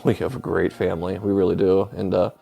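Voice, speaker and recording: A man telling a painful personal story as an interview guest, halting and breaking off with filler sounds, sounding close to tears. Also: sits low, flat delivery, gravelly, warm tone, soft background music. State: emotional, near tears. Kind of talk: emotional personal account.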